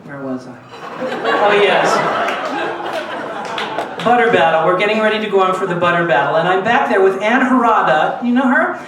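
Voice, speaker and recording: A man's voice: high voice, expressive, moderate pace, long pauses, crowd noise. A man telling a story on stage to a live audience, acting out other people's lines. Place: small cabaret club with an audience. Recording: echoey, distant room mic with audience noise. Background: audience laughter.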